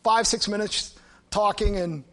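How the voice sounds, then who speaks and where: High-voiced pastor telling a story. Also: male voice. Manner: conversational, animated storytelling with quick asides. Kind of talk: storytelling sermon.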